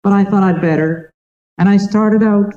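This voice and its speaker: A preacher delivers a sermon with earnest tenderness, leaning on key phrases slowly and deliberately. The voice sits at a middling pitch, and the recording sounds somewhat dull and muffled. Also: steady tone, dark tone.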